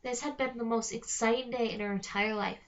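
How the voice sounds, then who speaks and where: A woman reading a novel aloud in a steady storytelling manner, slowing on key phrases. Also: on the high side. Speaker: reader. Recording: dull lo-fi recording.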